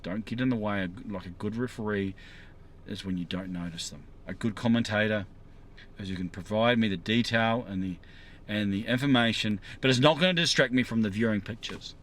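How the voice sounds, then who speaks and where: A man's voice: fairly low pitch, a little fast, a bit bright, slight background noise. Man, casual vlogger, rambling musing monologue, parked car by the roadside. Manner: musing, rambling, asks viewers questions.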